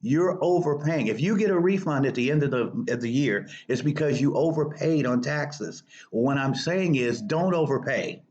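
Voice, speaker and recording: A man's voice: moderate pace, few pauses. A man hosting a personal finance show, giving casual direct advice to viewers, emphatic and repeating his key points. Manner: emphatic, repeats key points, lively swings between high stresses and low asides. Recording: dull lo-fi recording.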